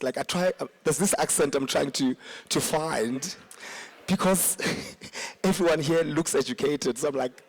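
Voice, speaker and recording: A man hosting an awards event as MC, teasing the audience and putting on a posh way of speaking. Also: on the high side. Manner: playful, teasing, puts on a posh tone. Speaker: master of ceremonies.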